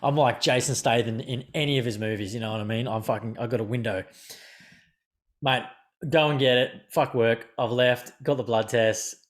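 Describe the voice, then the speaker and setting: A man hosting a podcast, telling a story in casual chat, swearing and animated. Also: medium pitch, moderate pace. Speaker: podcast host.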